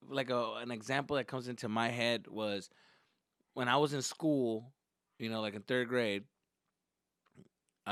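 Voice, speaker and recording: Bright-voiced young comedian telling stories. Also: male voice, mid-range voice, no room sound, clean studio sound. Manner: profane, animated, acts out quotes. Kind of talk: casual comedic storytelling.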